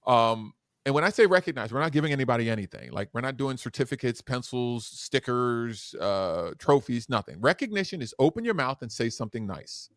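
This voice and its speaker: A man who is a guest educator and speaker on a podcast interview, talking in an animated, demonstrative way that swings between loud and soft. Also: medium pitch, brisk, dry recording, clean studio sound.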